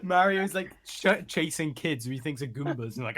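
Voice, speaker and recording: A man chatting on a casual podcast with a slightly high voice. He is crude and swears freely. He laughs through his own jokes as he riffs. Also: lively intonation, normal speed, a bit bright, slight background noise. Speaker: podcast co-host. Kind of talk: casual chat.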